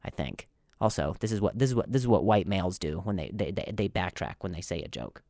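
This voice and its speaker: A man's voice: deep voice, expressive, fast talker, a little mellow, no room sound, studio quality. Stuttering man hosting a comedy podcast. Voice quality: stutter with many repeated words and sound blocks. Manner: self-deprecating, rambling, jokey. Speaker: podcast host.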